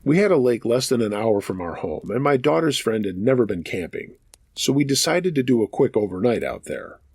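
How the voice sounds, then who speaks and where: A man's voice: medium pitch, sing-song, fairly quick, a little mellow, breathy edge, dry recording, clean studio sound. A man hosting a show of true scary stories, reading listener accounts aloud in a casual, profane storytelling manner.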